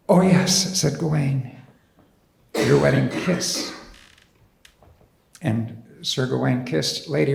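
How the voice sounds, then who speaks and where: A man storyteller performing a folktale live, animated and dramatic, in a church hall. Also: fairly high pitch, creaky.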